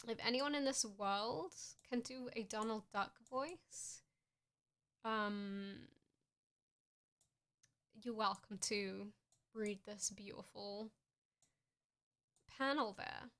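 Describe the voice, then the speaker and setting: A young woman streaming casually, joking in a deadpan way and often laughing as she talks. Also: mid-range voice. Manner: playful, deadpan jokes with frequent laughs. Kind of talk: casual stream chat showing fan art.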